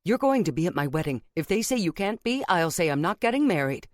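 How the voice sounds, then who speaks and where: A woman's voice: lowish voice, sing-song, quick pace, no room sound, studio quality. A woman voicing a blunt, stubborn young woman who is the elder sister.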